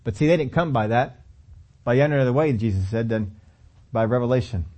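A man's voice: mid-range voice, brisk, mellow. A man preaching a sermon in a conversational way, acting out lines of scripture dialogue as he tells the story.

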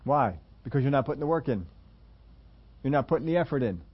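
A man's voice: medium pitch, expressive, fast talker, breathy edge, muffled recording. Conversational male pastor preaching. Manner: conversational preaching, acts out quoted voices. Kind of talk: sermon.

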